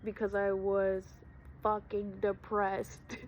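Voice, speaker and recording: A woman's voice: on the high side, takes it slowly, dull audio, slight background noise. A young woman vlogger telling her personal story to viewers, raw and profane, calling them y'all. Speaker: spiritual vlogger. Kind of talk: emotional personal storytelling to camera.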